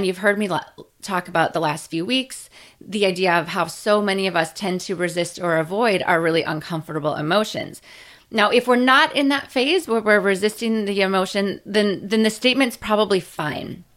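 A woman nurse educator teaching in a casual, conversational way, often checking in with "right?" and stressing points with lively emphasis. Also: mid-range voice. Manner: conversational, frequent "right?" and "you know" tags.

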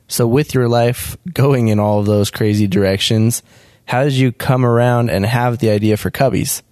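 A man's voice: medium pitch, fairly even intonation, normal speed, darkish tone, no room sound, studio quality. A man interviewing a guest, giving brief affirmations and short questions. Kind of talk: conversational interview.

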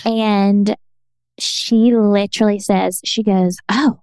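Animated woman telling a story. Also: medium pitch, normal speed, clean tone, no echo. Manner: animated, laughing, filler-heavy storytelling. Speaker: podcast co-host. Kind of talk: casual storytelling chat.

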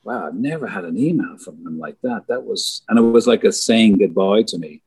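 A man's voice: on the low side, lively intonation, fairly quick, a little mellow, slightly rough, no room sound. A middle-aged man, a concert lighting designer, telling rambling backstage stories in casual conversation and swearing freely. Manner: rambling, swears freely, acts out others' lines.

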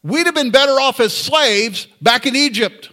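A man's voice: extremely high pitch, normal speed, sharp tone, pitched above the performer's own voice. Man mimicking a snarky whining crowd. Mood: whiny. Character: whiny complaining crowd of ex-slaves, adults.

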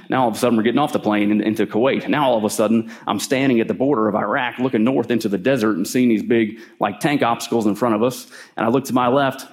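A middle-aged man preaching a sermon in a storytelling way, often clearing his throat and lifting his voice when he acts out what people said. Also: mid-range voice, darkish tone.

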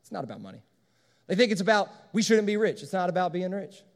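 A man's voice: high voice, sing-song, fast. A man preaching a sermon as pastor, emphatic and repeating his key phrases. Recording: long hall reverb.

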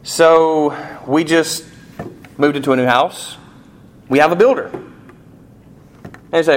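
A man preaching a sermon as pastor, animated, with rising emphasis and rhetorical questions. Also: a little high, normal speed, long pauses.

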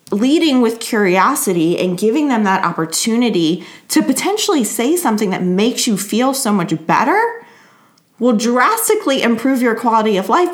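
Woman host, casual monologue, blunt and profane, laughs between points. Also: fairly high pitch. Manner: frank, profane, laughs often.

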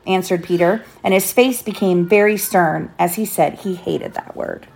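A woman's voice: fairly low pitch, moderate pace, vocal fry, a little mellow, a little hiss or hum. A woman reading a children's storybook aloud to her child, lifting her voice for the characters' lines.

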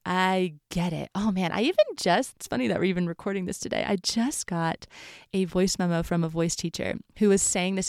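Lively, chatty woman podcast host. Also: medium pitch, no echo, clean studio sound. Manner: chatty, emphatic, repeats phrases, swears casually. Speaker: podcast host, voice teacher coach. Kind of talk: casual solo podcast talk.

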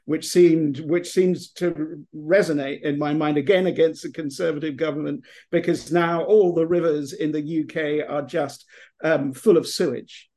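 A middle-aged man with an English accent, speaking in a fairly high voice for a man. He rambles in long, winding answers, full of restarts and fillers, as a podcast guest. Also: fairly even intonation, normal speed, warm tone. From England. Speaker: author guest. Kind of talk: podcast interview.

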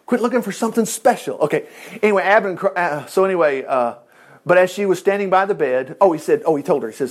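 A man reading a Bible story aloud and breaking off into folksy, joking asides, with loud emphatic bursts and low mutters. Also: very animated, fast. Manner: reads scripture aloud with folksy asides and jokes. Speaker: Bible teacher. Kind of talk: casual Bible study reading and commentary.

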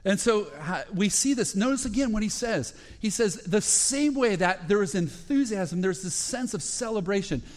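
Guy preaching, fairly high voice, tells stories in choppy bits with lots of uh's and restarts. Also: normal speed, hardly any pauses. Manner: storytelling preacher, retelling parables with rising excitement; speaks in short phrases with frequent fillers and restarts. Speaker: pastor. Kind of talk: sermon.

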